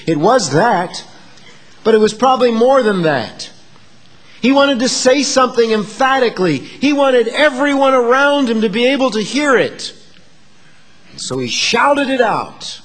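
A man preaching a sermon in a high, lively voice that jumps across a wide range. He drops to a hush and then climbs to emphatic declarations. His words ring out with a long echo in a big sanctuary. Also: unhurried. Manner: dynamic preaching, swings from hushed to emphatic. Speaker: pastor.

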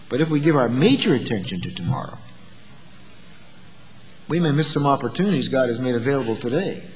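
High-voiced preacher with rhetorical questions. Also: male voice, lively intonation, moderate pace, pauses often, big-room sound. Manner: rhetorical questions, swings from loud emphatic to quiet. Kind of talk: sermon.

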